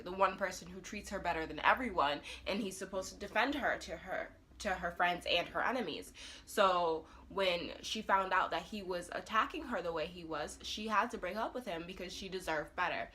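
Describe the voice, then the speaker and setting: A woman reviewing a TV episode in a casual, animated retelling that acts out the characters' lines. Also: lowish voice, normal speed. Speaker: TV review vlogger.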